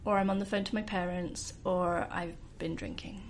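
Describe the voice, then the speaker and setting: A woman from Scotland guests on a podcast as a wedding celebrant. She talks with enthusiasm and laughs often, and a faint low rumble sits behind her voice. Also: steady tone, normal speed. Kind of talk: casual podcast chat.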